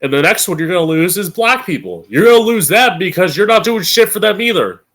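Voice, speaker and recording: With a high, very animated and fairly bright voice, the man runs his own stream show, ranting bluntly about politics with cursing and sarcasm. Key words get long, drawn-out emphasis.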